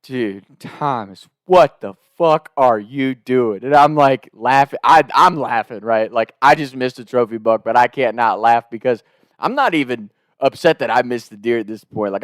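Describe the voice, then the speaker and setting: A man's voice: mid-range voice, smooth, no room sound, clean studio sound. A man casually telling a comic story, rambling and profane, laughing between his lines.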